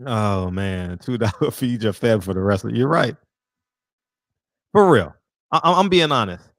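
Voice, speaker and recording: Laughing, animated man chatting with his stream. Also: lowish voice, measured pace, dry recording, clean studio sound. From American South. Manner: loud, laughing, profane banter with chat. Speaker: livestream host chatting with viewers. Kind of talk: casual livestream chat.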